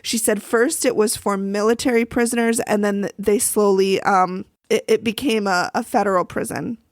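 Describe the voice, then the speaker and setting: A woman's voice: medium pitch, steady tone, moderate pace, no echo, clean studio sound. A woman co-hosting a podcast, recapping a TV episode in casual chat, full of "like" and "um" and acting out quotes. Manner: chatty, lots of "like" and "um", acts out quotes. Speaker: podcast co-host.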